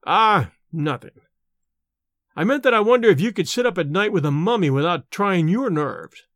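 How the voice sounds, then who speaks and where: A man voicing a shaken young male scholar forcing himself to sound calm, in a storybook reading. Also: sits high, moderate pace, no echo, clean studio sound. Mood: uneasy.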